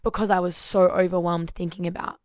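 A woman's voice: fairly low pitch, brisk, dry recording, studio quality. A woman co-hosting a faith podcast, telling a personal story in casual chat with frequent laughs. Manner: animated storytelling, laughs often. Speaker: podcast co-host.

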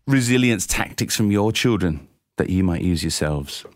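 A man hosting a casual parenting panel, telling stories about his own family in an animated, self-mocking way. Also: deep voice, normal speed, no room sound, studio quality. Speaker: host.

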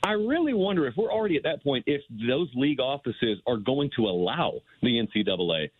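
A man calling in as a guest analyst on sports talk radio, thinking aloud in a measured way. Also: medium pitch, big pitch swings, no echo. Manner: thoughtful, measured, wondering aloud. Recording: tinny phone line, dry.

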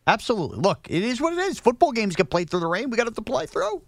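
A man's voice: very high voice, very animated, fast, creaky, no echo, studio quality. A man co-hosting a sports radio show, talking emphatically and teasing his partners in casual banter. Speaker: radio co-host.

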